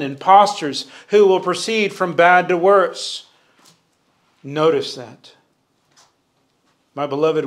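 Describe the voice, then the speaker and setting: A man teaching a verse-by-verse sermon in church, preaching earnestly, rising for emphasis and calling on the congregation to answer. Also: a little high. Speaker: Bible teacher. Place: church sanctuary.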